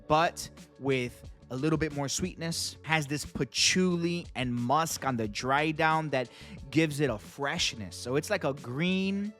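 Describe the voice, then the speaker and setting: A man's voice: fairly high pitch, fairly bright tone. A man hosting his own channel, giving a casual, enthusiastic product review to camera in slangy talk and calling out to his viewers again and again. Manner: enthusiastic, slangy, keeps addressing viewers as guys. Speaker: fragrance reviewer and channel host.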